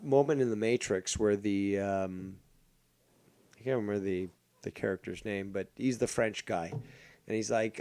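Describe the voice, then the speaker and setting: A man's voice: fairly low pitch, a little slow, mellow. A man hosting a casual podcast, ranting and rambling with heavy swearing. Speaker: podcast host. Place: living in Canada.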